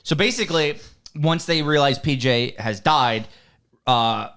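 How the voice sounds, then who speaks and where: A man's voice: on the high side, a little slow, a bit bright. A man hosting a casual podcast chat about a horror movie, blunt and swearing freely. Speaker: podcast host.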